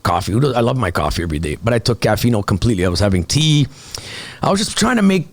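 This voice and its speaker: Fast-talking man telling stories, swearing. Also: mid-range voice. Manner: animated storytelling, frequent swearing. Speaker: podcast guest, comedian. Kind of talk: casual podcast chat.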